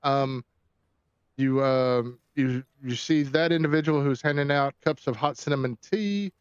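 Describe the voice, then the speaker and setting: A man narrating as game master of a tabletop game, pausing often with ums and restarting his sentences. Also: medium pitch, clear, resonant tone, no room sound. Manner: halting, many ums and restarts while describing scenes. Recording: dull lo-fi dry sound.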